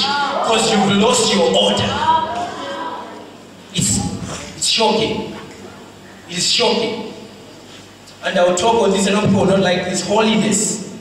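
A male preacher giving a fervent sermon, moving from shouted rebukes to hushed storytelling. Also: high voice, unhurried, background noise. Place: large hall. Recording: echoey hall, mic far off, faint ambience.

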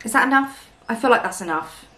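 A woman's voice: fairly high pitch, expressive, fairly quick, pushed and bright. A British woman vlogging casually to camera, blunt, self-mocking and swearing constantly. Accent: British English. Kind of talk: casual vlog chat to camera.

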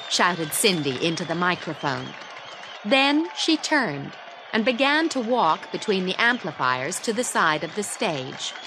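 A woman reading a graded story aloud for English learners, slowly and carefully, with the dialogue acted out. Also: medium pitch, sharp tone, a little hiss or hum. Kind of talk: scripted narration for English learners.

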